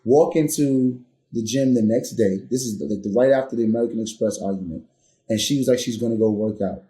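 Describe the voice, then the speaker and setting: A man guest on a podcast tells a personal story in earnest, his mid-range voice moving fairly quickly in a roomy-sounding space. It's candid storytelling that builds as he acts out heated arguments, growing louder and more intense.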